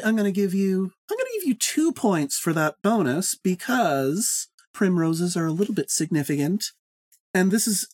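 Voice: medium pitch, no room sound. A podcast host running a casual book club pop quiz, teasing and swearing, speeding through explanations. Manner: teasing, profane, quick bursts of explanation.

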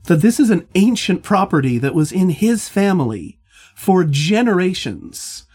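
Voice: medium pitch, big pitch swings, unhurried, darkish tone, husky. An instructor leading a literature seminar, speaking thoughtfully with frequent restarts and hedges.

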